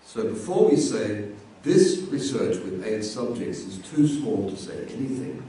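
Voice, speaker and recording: A man's voice: fairly low pitch, very animated, unhurried, warm tone, distant mic, a little hiss or hum. A man giving a university lecture in a conversational way, often repeating words as he thinks. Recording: echoey room, voice from afar.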